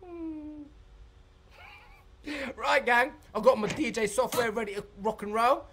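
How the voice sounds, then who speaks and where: A man leading a live-streamed dance tutorial, excitable and chatty, reading out viewer comments and breaking into high whoops. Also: takes it slowly, echoey room, distant mic, slight background noise. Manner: bursts into high shouts and whoops. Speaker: dance workshop leader.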